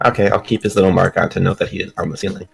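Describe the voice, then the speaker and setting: A man's voice: little pitch movement, very fast, vocal fry, faint music behind, rough recording. A man running a tabletop role-playing game as game master, chatty and self-mocking. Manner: chatty, self-mocking, breaks into high silly squeals.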